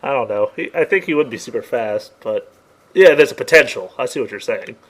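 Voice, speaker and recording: A man's voice: mid-range voice, animated, brisk, fairly bright tone, a little hiss or hum. A man co-hosting a casual gaming podcast, chatty and loose in his talk. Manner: loose and chatty, with frequent laughter. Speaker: podcast co-host.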